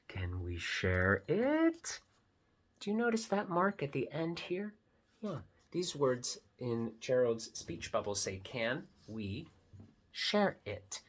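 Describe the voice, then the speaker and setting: A man reading a picture book aloud to children, gently explaining what is on each page. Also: mid-range voice, breathy edge. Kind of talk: read-aloud storytime for kids.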